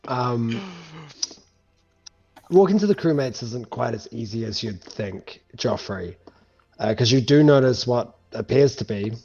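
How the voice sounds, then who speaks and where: A man's voice: mid-range voice, expressive, measured pace, creaky, long pauses, darkish tone, husky. A man narrating a tabletop game as game master, loose and full of fillers, on a muffled lo-fi recording with faint music.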